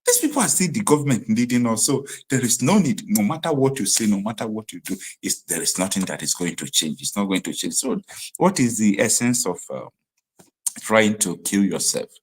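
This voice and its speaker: Animated Nigerian stream host, low voice. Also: male voice, a little fast, husky. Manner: animated, rising to emphatic outbursts. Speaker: online show host. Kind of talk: live stream commentary.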